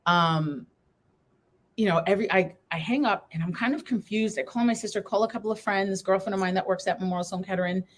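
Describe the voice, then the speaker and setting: A woman's voice: medium pitch, fast talker, slight background noise. A woman guest in a live interview, telling a personal story in an earnest, candid way and acting out past conversations. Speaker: guest, breast cancer survivor and coach.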